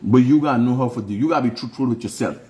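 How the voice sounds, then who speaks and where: A man's voice: mid-range voice, racing. Emphatic Guyanese man lecturing. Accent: Guyanese Creole English. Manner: emphatic, lecturing, swings up into loud rhetorical questions. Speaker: online show host. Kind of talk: preachy casual livestream monologue.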